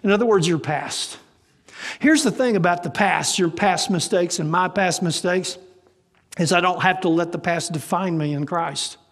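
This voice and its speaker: Man, high-pitched voice, pastor preaching, rhetorical questions to the congregation. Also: moderate pace, a bit bright, in a large hall. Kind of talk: sermon. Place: church service with live congregation.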